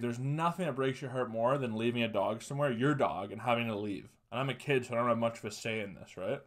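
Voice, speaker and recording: Young male podcast host, casual rambling storyteller, profane, mid-pitched voice. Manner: profane, rambling, laughs through sad stories.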